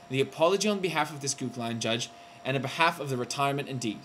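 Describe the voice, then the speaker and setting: A man ranting to the camera in a video blog, heated and outraged, with sudden loud jumps in pitch. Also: animated, quick pace, slight background noise. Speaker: vlogger. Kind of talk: indignant vlog rant.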